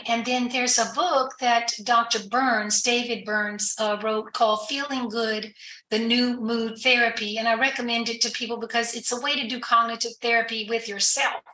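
Bright-voiced woman explaining earnestly. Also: fairly high pitch, echoey room, low-quality recording. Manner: earnest, explanatory, with frequent fillers and restarts. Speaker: guest addiction recovery professional. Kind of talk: conversational podcast interview.

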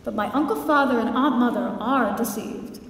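A woman's voice: a little high, moderate pace, lightly acted. A woman acting a brooding, witty young prince on stage, theatrical and impassioned. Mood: declaiming. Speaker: stage actor. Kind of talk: live stage play performance. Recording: far echoey hall, faint noise.

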